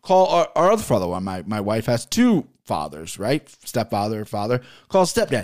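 A man's voice: mid-range voice, big pitch swings, brisk. A man hosting a podcast, telling a long exasperated story in a casual, profane way. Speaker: podcast host.

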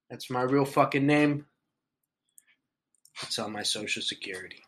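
A man's voice: fairly high pitch, lively intonation, measured pace, long pauses, fairly bright tone, slight background noise, low-quality recording. A man hosting a podcast solo, talking in a laid-back, joking, profane way. He has just woken up and coughs now and then. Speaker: podcast host. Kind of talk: casual podcast monologue.

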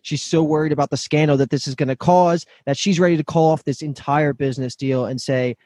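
A man hosts a relaxed podcast, walking through a TV episode scene by scene with little stumbles and restarts. His voice sits a bit on the high side. The sound is dry and close, with no room around it. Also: a little fast, no echo. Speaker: podcast host recapping a TV episode. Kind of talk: casual chat.

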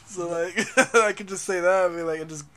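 A man's voice: sits high, steady tone, fairly quick, a bit bright, slight background noise. A young man co-hosting a podcast in casual, profane chat, laughing a lot and often restarting his sentences. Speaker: podcast co-host.

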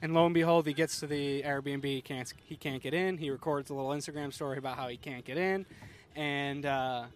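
A podcast host with a slightly high male voice chats casually. He teases a friend through quick, story-driven banter. He is recorded outdoors on a boat on a lake. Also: steady tone, a little hiss or hum. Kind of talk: casual chat.

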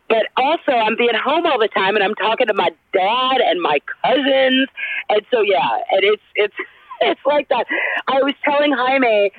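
Southern american woman, rambling and enthusiastic, high voice, tinny dry phone line. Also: no room sound. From Alabama, US. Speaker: actress guest. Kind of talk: casual chat. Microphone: phone call.

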